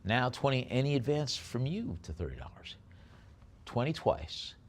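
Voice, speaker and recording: A man calling a live auction, rattling off bids in a quick chant and slowing down to describe each lot. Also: mid-range voice, big pitch swings. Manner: rapid bid-calling chant alternating with slower item descriptions.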